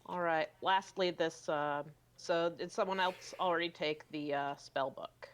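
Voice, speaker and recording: A woman's voice: deep voice, fairly even intonation, measured pace, a little hiss or hum. A woman player in a casual tabletop game, talking in a dry, wry, blunt way.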